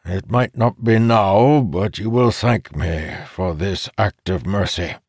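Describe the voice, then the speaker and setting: A man's voice: low-pitched, takes it slowly, a little mellow, slightly rough, no room sound, clean studio sound, heavily acted. A man voicing a cold, controlled male commander who gives firm orders. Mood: commanding.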